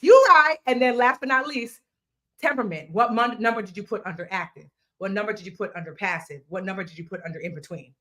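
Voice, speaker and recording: A woman's voice: medium pitch, quick pace. A woman in her thirties hosting a live online money class, playful and chatty, talking straight to her viewers with slang and asides. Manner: lively, playful, talks straight to viewers, drops into slang and snatches of song. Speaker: financial educator hosting a live workshop.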